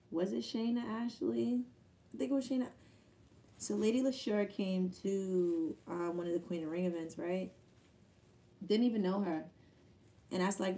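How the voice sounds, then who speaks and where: A woman's voice: mid-range voice, dark tone, distant mic. A young woman, a battle rapper telling stories in a loose, profane, casual way. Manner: loose, profane storytelling with quoted asides. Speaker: battle rapper answering fan questions. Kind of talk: casual Q&A chat.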